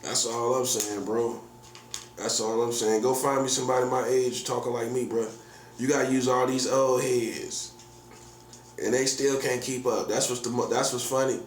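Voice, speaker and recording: A man's voice: medium pitch, little pitch movement, moderate pace. A man in his forties, a prophet, ranting casually in slangy, repetitive, boastful talk. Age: 40s. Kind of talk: casual vlog rant. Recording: echoey room with faint hum.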